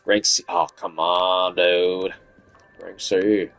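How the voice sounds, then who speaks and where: A man's voice: sits low, level tone, slow, a bit bright, lo-fi sound, soft background music. A man streaming a game with casual chatty commentary, laughing often and humming along, his voice tired after hours of talking. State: voice fatigue.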